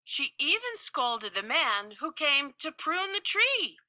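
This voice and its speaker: A woman reading a children's story aloud with slow, playful, expressive delivery. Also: high voice, no room sound, clean studio sound.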